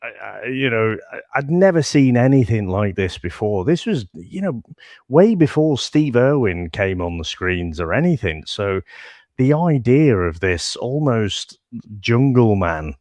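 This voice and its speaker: A man's voice: medium pitch, sing-song, a little slow, darkish tone, no echo. A man co-hosting a movie podcast, reminiscing with rambling enthusiasm. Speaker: podcast co-host. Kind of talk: casual movie podcast chat.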